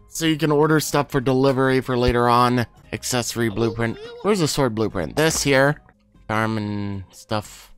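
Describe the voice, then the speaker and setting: A man's voice: medium pitch, normal speed, clear, resonant tone, faint music behind. A man giving casual, playful commentary while playing a video game, swearing and joking. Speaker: gaming video host. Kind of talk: casual let's-play commentary.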